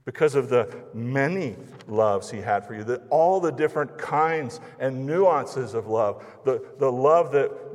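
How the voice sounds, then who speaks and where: A man preaching a sermon as pastor, earnest, moving between hushed asides and emphatic declarations. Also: medium pitch. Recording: long hall reverb.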